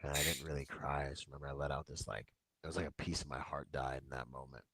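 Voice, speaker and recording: A man with a very deep voice recounts his service days in a loose, rambling way. The recording is dry and close, with no room sound. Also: fast, husky, dry recording. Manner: relaxed, rambling war stories with filler words. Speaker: podcast guest, veteran. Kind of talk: casual storytelling.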